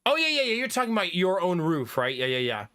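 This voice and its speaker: Lively, bright-voiced streamer man. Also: sits high, quick pace, dry recording, clean studio sound. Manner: animated, laughs often, swears casually. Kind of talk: casual chat with live viewers.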